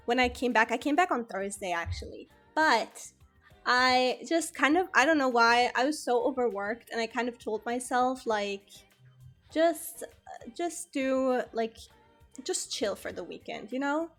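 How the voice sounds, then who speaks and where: A woman's voice: on the high side, lively intonation, a little slow, fairly bright tone, soft background music. Chatty young woman with a slight lisp. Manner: chatty and rambling, swears freely. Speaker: streamer. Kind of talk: casual storytime chat.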